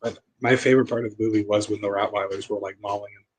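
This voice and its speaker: A man's voice: fairly low pitch, steady tone, fast, heavy background noise. A man hosting a casual movie review podcast, wry and profane with mocking asides. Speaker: podcast host.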